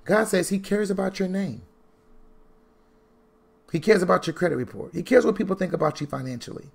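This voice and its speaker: A man giving a sermon-style talk on money, preacherly and animated, repeating lines for emphasis and swinging from low asides to loud bursts. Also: fairly quick, vocal fry, husky. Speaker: Christian financial teacher.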